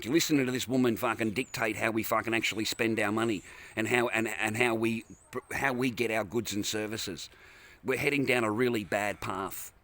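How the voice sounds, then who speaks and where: An Australian man in a parked car ranting into the camera. His voice is bright and forceful, and he swears constantly and repeats himself as he vents. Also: mid-range voice. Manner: angry, profane, repetitive ranting. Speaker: vlogger. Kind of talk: angry ranting vlog.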